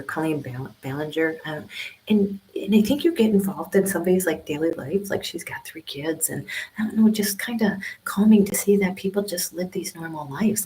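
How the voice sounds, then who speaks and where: On a casual livestream, a woman over fifty rambles chattily in a hushed whisper. She keeps her low voice soft because she's in a small library study room with people on either side. The recording is rough.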